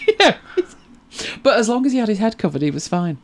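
Speaking a little fast in a darkish, mid-range voice, the host of a tech help show sounds very animated. They chat casually through viewer questions, laugh easily, and tend to repeat words when getting started.

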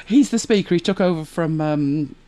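A woman hosting a live stream, chatting casually with viewers, wry and exasperated with quick laughs. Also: low voice, mellow. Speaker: livestream host.

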